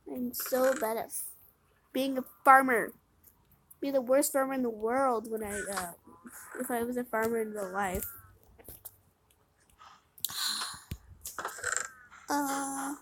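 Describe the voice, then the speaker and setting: High-voiced woman mumbling through a game. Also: unhurried, pauses often, slight background noise. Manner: mumbled self-talk while playing, with sudden loud dramatic outbursts. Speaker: game video creator. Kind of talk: casual let's-play commentary. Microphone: phone microphone during screen recording.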